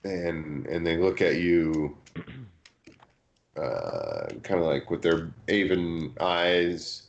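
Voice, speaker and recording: A man running a tabletop game as game master, narrating in an unhurried way with many pauses and fillers. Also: low-pitched, big pitch swings, gravelly, muffled recording.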